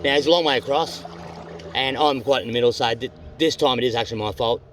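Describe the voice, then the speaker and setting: Australian man, quick rambling vlog chat, blunt and sweary, faint noise behind. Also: medium pitch, fairly bright tone. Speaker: vlogger on a canoe trip. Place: on a canoe on a river, outdoors.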